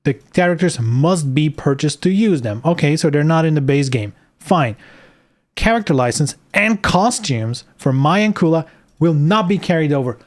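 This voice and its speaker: A man's voice: fairly high pitch, expressive, normal speed. Sarcastic ranting male streamer. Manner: sarcastic, exasperated ranting with frequent swearing. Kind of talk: live stream commentary.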